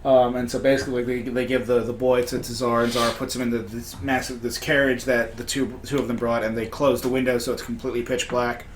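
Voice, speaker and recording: A man's voice: mid-range voice, flat delivery, fairly quick, hardly any pauses, slight background noise. A man recapping a tabletop game session as game master, in a casual way with many fillers and restarts.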